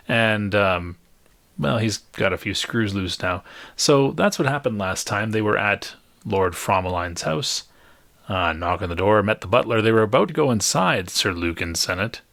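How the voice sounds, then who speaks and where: A man narrating a tabletop game as game master, slow and wry, with puns and chuckles. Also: on the low side, creaky, a bit bright, dry recording.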